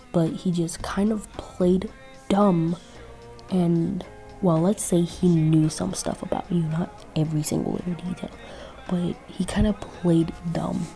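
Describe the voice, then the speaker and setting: A woman's voice: fairly low pitch, creaky, mellow. A woman narrating a casual fan-fiction story, chatty and rambling, often correcting herself.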